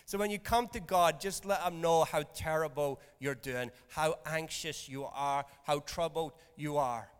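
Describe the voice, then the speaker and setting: A man's voice: a little high, in a large hall. A man preaching a sermon in a conversational, jokey way, often checking in with his listeners. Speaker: pastor. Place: church hall.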